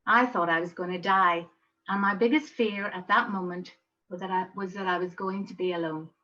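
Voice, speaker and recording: Woman reading as a young guy who got shot, calm and plain, muffled home recording. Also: lowish voice, moderate pace, a little hiss or hum. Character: young wounded man recalling his shooting.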